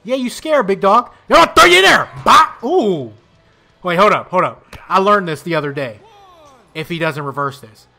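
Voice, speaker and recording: A young man talking over a wrestling video game he is playing, mixing loud trash talk and outbursts with mumbled asides. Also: high voice, animated, moderate pace, gravelly. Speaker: gaming YouTuber.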